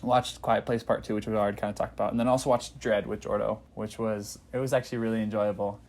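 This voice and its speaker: A man's voice: lowish voice, flat delivery, quick pace, darkish tone. Jokey male podcast co-host. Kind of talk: casual movie podcast chat.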